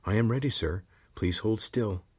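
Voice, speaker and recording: Storybook lizard sidekick, formal and deferential, voice lifted above a man's own husky tone. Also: on the low side, normal speed, pitched above the performer's own voice. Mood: earnest, anxious. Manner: formal, deferential, calls everyone sir, no contractions. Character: polite formal male lizard companion, loyal.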